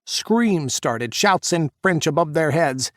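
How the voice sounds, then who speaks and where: A man narrating an audiobook, voicing the characters' shouts during the action scenes. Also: on the high side, animated, takes it slowly, no room sound, clean studio sound. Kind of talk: scripted narration.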